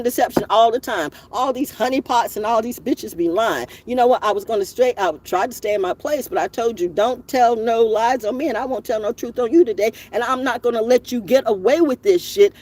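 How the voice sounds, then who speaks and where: A woman delivering a profane, confrontational monologue to her viewers. She scolds and rambles, circling back and repeating her points. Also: fairly high pitch. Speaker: spiritual vlogger. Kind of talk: ranting monologue to camera.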